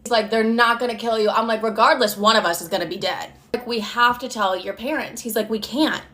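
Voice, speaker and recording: A woman's voice: on the high side, fairly even intonation, brisk, bright, forceful tone. Chatty, foul-mouthed young woman storyteller. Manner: chatty, swears a lot, acts out dialogue. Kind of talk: casual storytime narration.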